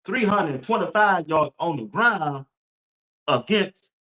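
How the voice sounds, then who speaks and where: A man hosting a casual sports talk stream, animated, repeating his points and imitating crowd noises. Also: fairly high pitch, slow pace. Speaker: sports talk show host. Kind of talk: casual sports commentary to viewers. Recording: dull lo-fi stream audio.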